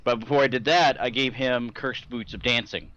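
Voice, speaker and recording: Bright-voiced young man, joking. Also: mid-range voice, steady tone, moderate pace, dull audio. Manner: blunt, joking, swears casually. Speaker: podcast co-host, dungeon master. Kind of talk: casual chat.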